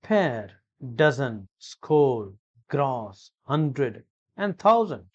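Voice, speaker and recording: A man of middle pitch gives a grammar lesson at a very unhurried pace, pausing often with hesitant fillers. His voice is close and dry, with no room sound around it. He explains step by step and repeats key phrases. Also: sing-song, no echo, dull audio. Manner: slow, deliberate, repetitive explanation with many hesitations. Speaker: English grammar teacher.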